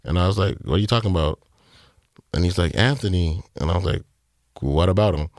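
A man in his thirties with a very low voice, recorded close and dry with no room sound. As an interview guest he tells a personal story in halting, filler-heavy speech and acts out the lines of other people. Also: darkish tone, dry recording. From Canada. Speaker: music producer, guest.

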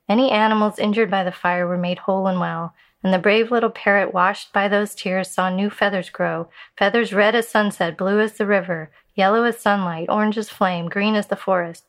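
A woman telling a Buddhist fable in a measured storytelling voice that slows for emphasis. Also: medium pitch.

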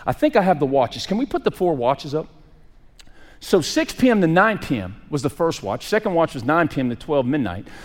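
A man preaching a sermon, swinging from raised emphasis to hushed, quiet lines. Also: fairly high pitch, sing-song, brisk, big-room sound. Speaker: pastor.

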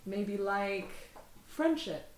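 A woman playing a tabletop role-playing game with friends, talking someone down with a calm, slow, soothing pep talk. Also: mid-range voice, echoey room, slight background noise, rough recording. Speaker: player.

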